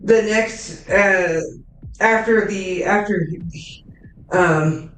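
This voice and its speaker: A woman's voice: mid-range voice, drawn-out words, roomy sound, distant mic, slight background noise, rough recording. A woman narrating a tabletop game as game master, casual and full of fillers, swearing freely.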